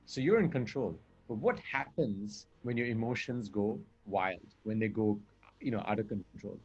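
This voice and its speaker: Husky man coaching in conversation. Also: mid-range voice, muffled recording. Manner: earnest, explaining with examples and rhetorical questions. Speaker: communication coach.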